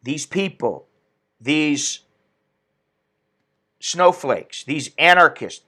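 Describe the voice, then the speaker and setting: A man's voice: sits high, extremely slow, long pauses, bright, forceful tone. A man hosting an opinionated commentary stream, ranting indignantly and reading viewer comments aloud. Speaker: political commentary host.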